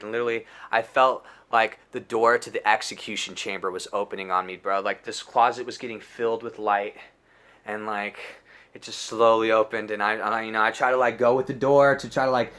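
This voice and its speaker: A man in his twenties telling a crude personal story, slangy and animated, full of dude and bro. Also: lowish voice. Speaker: storyteller vlogger. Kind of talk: casual storytime monologue.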